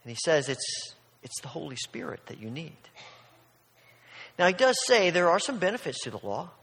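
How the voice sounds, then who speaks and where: Man, pastor, sermon, high-pitched voice, earnest and emphatic, repeats words, long hall echo. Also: very animated, moderate pace, gravelly, a bit bright, husky.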